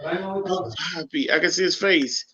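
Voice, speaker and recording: A man chatting casually on a livestream, easygoing and halting as he searches for words. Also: high-pitched, a bit bright, lo-fi sound. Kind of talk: casual chat.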